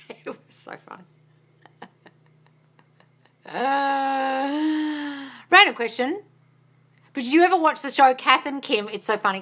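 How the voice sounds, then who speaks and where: Bright, chatty woman host. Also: sits high. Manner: chatty and animated, swears freely, laughs often. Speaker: manifestation coach, live Q&A host. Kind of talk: casual live-stream chat.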